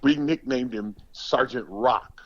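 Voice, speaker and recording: A man in his sixties from the United States, a former pro football player telling stories in a podcast interview, animated and emphatic, often repeating words. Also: mid-range voice, slow, no room sound, muffled recording. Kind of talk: storytelling interview.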